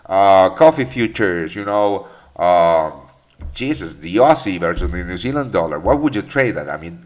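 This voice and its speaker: A man hosting a live trading session, explaining charts and answering viewers with many fillers and restarts. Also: on the low side. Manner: rambling, lots of fillers and restarts, calls viewers mate. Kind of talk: live market commentary and Q&A.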